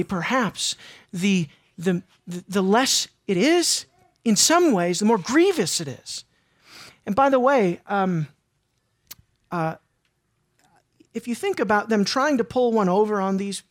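A preacher delivering a sermon in an earnest, emotional way, repeating phrases and swinging between loud and hushed. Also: medium pitch.

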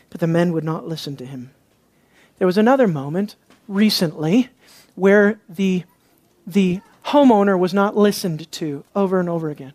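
A worked-up preacher in full expository flow, pressing each point with rhetorical questions and then pulling back into low, confiding asides. The voice sits at an ordinary middle pitch, and the sound is dry and close, with no room around it. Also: lively intonation, a little slow, darkish tone, no echo. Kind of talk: expository sermon.

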